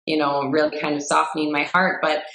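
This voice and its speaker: A woman's voice: low voice, monotone, brisk, fairly bright tone. A woman with a Midwestern American accent, a fitness trainer telling a personal story as a guest in a chatty way with many fillers. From Wisconsin, USA. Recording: roomy echo.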